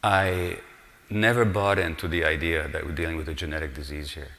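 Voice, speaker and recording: A man's voice: extremely low pitch, steady tone, a little fast, a bit bright. A man in his sixties giving a public lecture, earnest and emphatic, with rhetorical questions to his audience. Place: lecture hall. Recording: long reverb of a lecture hall.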